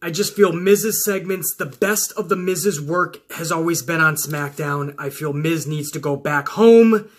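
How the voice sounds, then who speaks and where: A man hosting a wrestling talk video, ranting casually and swearing, often rising into yelling. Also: a little high, measured pace, hardly any pauses. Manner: loud, swearing, flares into yelling. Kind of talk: profane casual rant to camera.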